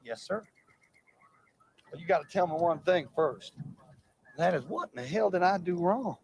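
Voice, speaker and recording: A man's voice: high voice, expressive, moderate pace, gravelly, a little mellow, breathy edge, heavily acted. An actor playing a crude, cocky man with a Southern accent in a film, drawling and boastful. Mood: smooth-talking. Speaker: movie character. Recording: film audio with noisy background.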